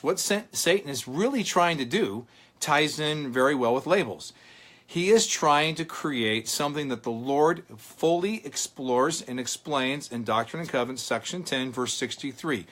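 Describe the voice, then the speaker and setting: A middle-aged man, a motivational speaker, telling a personal story in an earnest, dramatic church talk with pauses for effect. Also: fairly high pitch, fairly bright tone.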